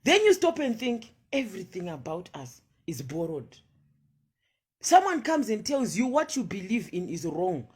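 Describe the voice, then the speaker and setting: A woman's voice: mid-range voice, sing-song, moderate pace, a little mellow, husky. A woman giving a passionate monologue of social commentary, firing off rhetorical questions and switching between English and Shona.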